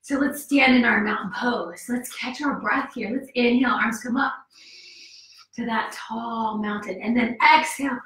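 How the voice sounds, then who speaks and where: A woman teaches a kids' yoga class in a slightly high, somewhat bright voice at a moderate pace, cheerful and coaxing as she counts the moves aloud. She's a little out of breath, and her voice sounds far off in an echoey room.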